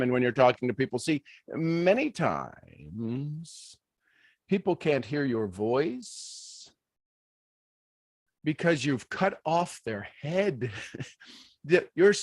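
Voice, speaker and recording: Man, motivational livestream speaker, slightly high voice, rhetorical questions, restarts, dry sound. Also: takes it slowly, dry recording. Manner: animated, rhetorical questions, self-interrupting. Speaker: leadership speaker. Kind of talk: live-stream motivational talk.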